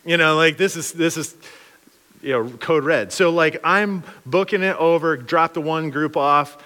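Male preacher, lively joking storyteller, fairly high voice, long hall reverb. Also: measured pace. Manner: animated, joking, acts out quotes. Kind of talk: storytelling sermon.

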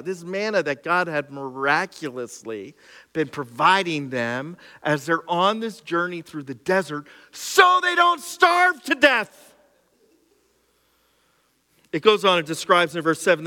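Funny animated guy preaching a sermon, bright voice, long echo in a big church hall. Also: fairly high pitch, measured pace. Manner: humorous and animated, mocking asides. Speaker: pastor.

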